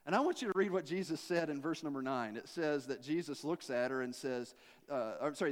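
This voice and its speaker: A man preaching a sermon in a folksy, conversational storytelling way, dropping low for emphasis. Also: fairly quick, in a large hall.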